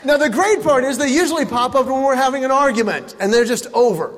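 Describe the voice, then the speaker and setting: A middle-aged man doing a stand-up comedy routine, telling family stories with animated punchlines on stage in a large hall. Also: extremely high pitch, fast. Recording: reverberant hall with faint ambience.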